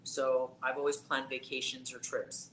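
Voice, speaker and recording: Speaking a little slowly in a very deep, level voice, a psychic tarot reader shares a personal story during a casual live-stream chat. She leans on many fillers as she talks, and the audio carries a roomy echo with faint noise behind it.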